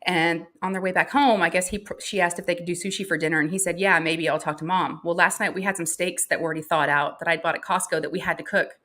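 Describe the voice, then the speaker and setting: A woman's voice: fairly low pitch, fairly even intonation, quick pace, hardly any pauses, fairly bright tone. A middle-aged woman, hosting a casual livestream chat, chatty and laughing often as she greets viewers. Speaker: livestream host.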